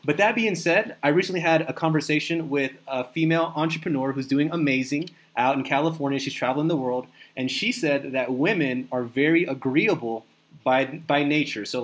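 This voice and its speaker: Podcast host guy, slangy and hyped, kinda high voice. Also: brisk. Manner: hype, slangy, animated impressions. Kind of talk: casual podcast interview.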